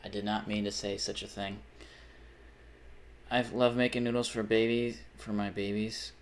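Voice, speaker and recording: A man's voice: on the low side, flat delivery, moderate pace. Rambling, swearing young male streamer. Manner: rambling, swears often, reads chat aloud. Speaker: livestreamer. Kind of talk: casual live-stream chat.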